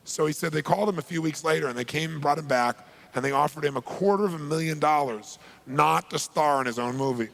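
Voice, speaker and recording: Gravelly, emphatic male motivational speaker. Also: a little high, quick pace. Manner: emphatic, rising to shouts on key points. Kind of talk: energetic storytelling talk.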